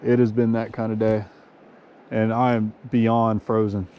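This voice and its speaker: A man's voice: fairly low pitch, unhurried, lo-fi sound, a little hiss or hum. A man vlogging outdoors at a winter creek, soaked and cold, talking casually with lots of dude and yo. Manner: excitable, slangy, says yo and dude. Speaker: fishing vlogger.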